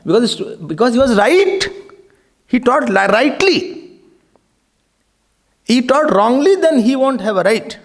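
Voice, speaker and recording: An Indian man giving a devotional talk as a swami, animated and laughing often, mixing in Hindi words. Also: extremely high pitch, unhurried, long pauses.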